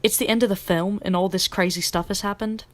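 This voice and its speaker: A woman's voice: medium pitch, steady tone, fairly quick, lightly acted. A woman putting on a British accent to voice a young actress in casual podcast chat. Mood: earnest. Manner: quoting in a mild put-on accent.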